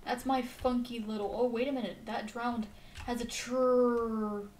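A slightly high-voiced woman streamer chatting her way through a game, exasperated and quick to yell at it and her viewers. She talks at an unhurried, drawn-out pace. The mic sits a good way off in an echoey room. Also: steady tone, a little hiss or hum. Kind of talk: casual live-stream gaming chat.

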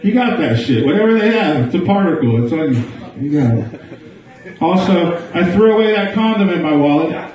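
A man's voice: sits high, expressive, normal speed, darkish tone, distant mic, dull audio. A man doing a crude live stand-up set in a small bar, riffing with the crowd. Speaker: stand-up comedian. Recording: echoey bar, mic heard from afar.

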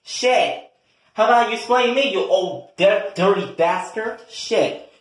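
A man voicing a loud, furious young adult daughter who curses and confronts her father in a comedy skit. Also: high-pitched, expressive, unhurried, pitched above the performer's own voice. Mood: angry. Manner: brash, profane, confrontational. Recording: echoey room.

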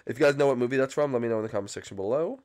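A young man doing excited, frantic gameplay commentary as a channel host, often yelping and screaming when chased. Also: mid-range voice, racing.

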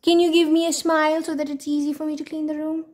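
A woman's voice: high-pitched, little pitch movement, quick pace, a little mellow. A young woman vlogging at home in her bedroom, casually talking to the camera and playfully scolding her dog. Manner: playful, scolding baby talk to a pet.

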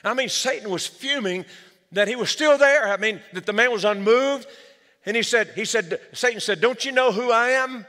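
A man's voice: high-pitched, moderate pace, pushed and bright. A man preaching a sermon as pastor, with energy, calling the church for amens. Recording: long hall reverb.

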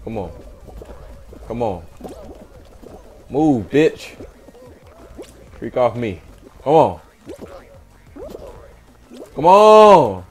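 A man's voice: mid-range voice, sing-song, very slow, pauses often, husky. A young man hosting a gaming channel, giving hyped let's-play commentary, trash-talking and chanting catchphrases while he plays.

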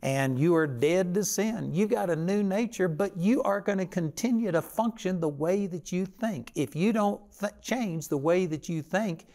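A man's voice: sits high, normal speed, hardly any pauses, darkish tone. An older man preaching a sermon with folksy stories and a plain, conversational delivery.

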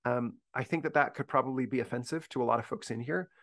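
A man's voice: medium pitch, quick pace, fairly bright tone. A man briefing university faculty in a conversational discussion, earnest and thinking aloud with frequent restarts.

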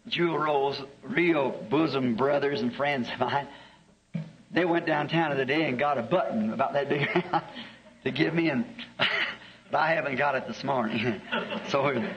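A man, a preacher telling a homespun story in a sermon, chuckling through his anecdotes. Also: mid-range voice. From American South. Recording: dull lo-fi archive tape.

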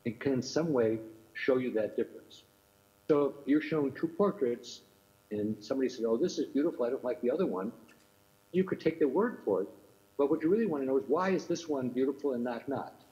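An older man delivers an academic keynote lecture in a mellow, medium-pitched voice. He speaks thoughtfully and keeps returning to the same rhetorical questions. The sound is dull and lo-fi, as if sent from far away. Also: expressive, brisk. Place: remote talk from another time zone. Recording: muffled lo-fi recording.

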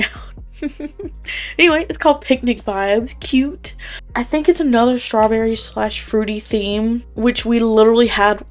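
A young woman with a Southern US accent, rambling through a casual video game item review at home, chatty and quick to laugh. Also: medium pitch, creaky, darkish tone. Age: young adult. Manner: rambling, chatty, laughs often, slang-heavy. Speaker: YouTuber reviewing game items. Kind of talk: casual commentary. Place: home at night.

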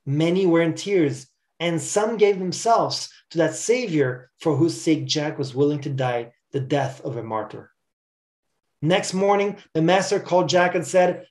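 A male preacher tells a story during a sermon, reading it aloud in an earnest, measured way. He sometimes stumbles over a word and then picks it back up. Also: on the high side, a little mellow.

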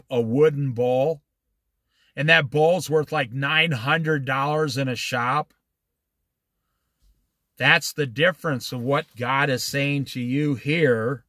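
A man's voice: on the high side, no echo, clean studio sound. A middle-aged man leading an informal Bible study, telling stories in a folksy, emphatic way. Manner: folksy, animated storytelling with emphatic slow stresses.

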